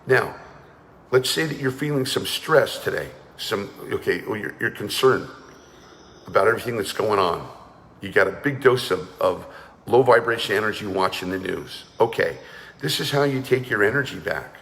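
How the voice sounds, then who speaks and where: An energy awareness coach leads a guided energy and breathing class, speaking firmly and commandingly as he urges listeners to join in. His voice is on the low side, creaky and fairly bright, with lively intonation at a moderate pace, recorded with big-room sound.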